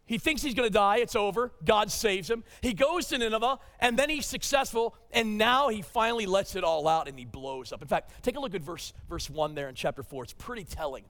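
A man preaching a sermon as pastor, swinging from loud emphatic peaks down to quiet, hushed stretches. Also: high-pitched, animated, fairly quick, hardly any pauses.

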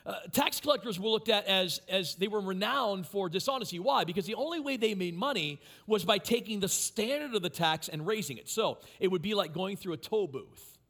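A man preaching a sermon as pastor, animated and emphatic, with repeated phrases. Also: sits high, fairly quick, hardly any pauses.

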